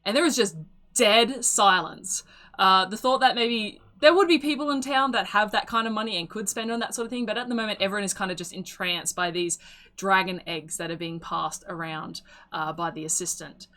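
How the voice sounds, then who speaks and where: A woman's voice: mid-range voice, a little fast, bright, forceful tone. A woman narrating a tabletop game as game master, chatty and loose, with many fillers and laughs.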